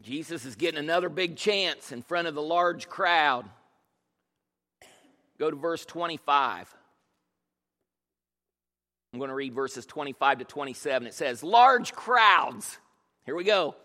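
A man's voice: on the high side, unhurried, pauses often, sharp tone. A man preaching a humorous sermon as pastor, telling jokey self-deprecating stories. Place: church. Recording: long reverb of a large church hall.

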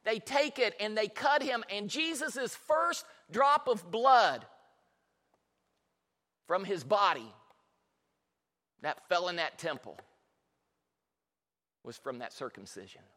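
A man's voice: sits high, sing-song, slow, pauses often, sharp tone. A male pastor preaching a sermon in a church hall, telling Bible stories with passion and lots of repetition. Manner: impassioned storytelling with repetitions. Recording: long reverb in a large hall.

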